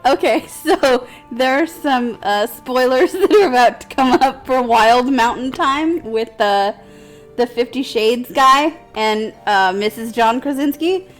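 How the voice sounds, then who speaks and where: A woman's voice: sits high, takes it slowly, faint music behind. A woman co-hosting a casual gaming chat, rambling through a story and laughing often. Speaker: let's play co-host.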